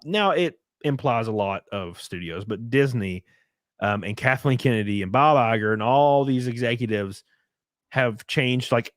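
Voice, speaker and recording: A man's voice: mid-range voice, no echo, clean studio sound. A man hosting a casual talk stream, recapping a TV episode in a rambling way full of "like" and "um". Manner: rambling, filler-heavy retelling. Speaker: streamer host. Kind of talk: casual podcast chat.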